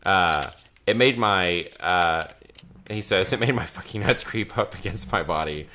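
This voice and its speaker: Low-voiced man, casual storyteller, cussing gamer, noisy home recording. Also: a little slow, bright, forceful tone. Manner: casual, swears freely, laughs between lines. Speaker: let's play commentator. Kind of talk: reading a creepy story aloud during gameplay.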